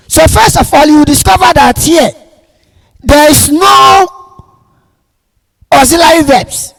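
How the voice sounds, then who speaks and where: A man with a very high, gravelly voice teaching grammar at a deliberate, unhurried pace. He repeats each point and punches key words loudly. A long reverb trails behind every phrase. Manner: slow and repetitive, stressing key words loudly. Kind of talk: classroom grammar lesson. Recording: long reverb, echoey room.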